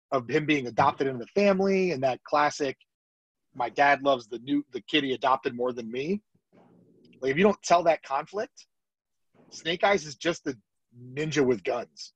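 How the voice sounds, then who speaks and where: A man co-hosting a podcast, talking in excitable, jokey bursts in casual chat. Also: fairly high pitch, husky, no echo, dull audio. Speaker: podcast co-host.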